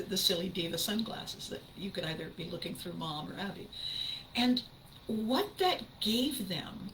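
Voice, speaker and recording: Bright-voiced enthusiastic older woman. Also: medium pitch, a little hiss or hum, rough recording. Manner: enthusiastic, emphatic storytelling. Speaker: podcast host and voice actress. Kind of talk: casual monologue.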